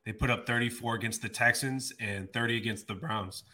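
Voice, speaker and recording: A man's voice: mid-range voice, fairly even intonation, a little fast, sharp tone. A man ranting in exasperation on a sports podcast, swearing mildly. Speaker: podcast host. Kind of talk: casual sports talk.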